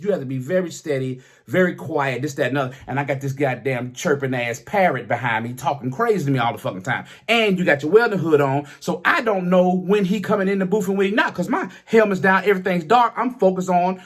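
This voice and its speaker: A middle-aged man, a comedian, telling a personal story in a profane, animated way, often restarting his sentences. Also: on the high side. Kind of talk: casual storytelling.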